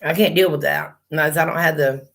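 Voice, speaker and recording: A woman's voice: deep voice, fairly even intonation, a little fast, vocal fry. A middle-aged woman, chatting on a livestream and telling blunt, profane stories. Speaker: livestream host. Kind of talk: casual chat.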